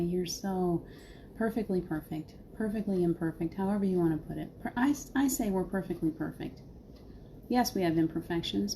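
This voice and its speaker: A woman's voice: fairly low pitch, dark tone, a little hiss or hum. A middle-aged woman hosting a heartfelt live spiritual talk, laughing often and answering viewers by name.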